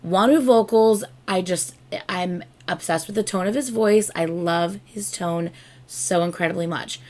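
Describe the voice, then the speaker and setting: A woman hosting a casual music reaction, talking in an excitable, gushing way. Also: medium pitch. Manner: excitable, gushing, breaks into squeals. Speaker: reaction video host.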